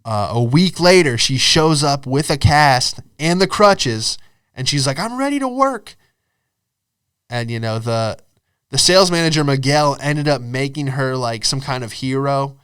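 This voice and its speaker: Dude rambling thru funny stories on his podcast, smooth voice, dry close mic. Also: mid-range voice, normal speed, fairly bright tone, dry recording. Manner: rambling, laid-back, says dude and you know a lot. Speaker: podcast host and comedian. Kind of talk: casual storytelling chat.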